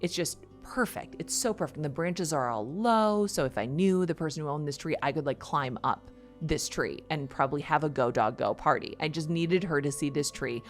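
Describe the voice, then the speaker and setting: Middle-aged female host with a deep voice; candid, heartfelt monologue that trips over itself. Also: faint music behind. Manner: earnest and confessional, with rushed restarts. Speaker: podcast host. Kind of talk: personal storytelling monologue.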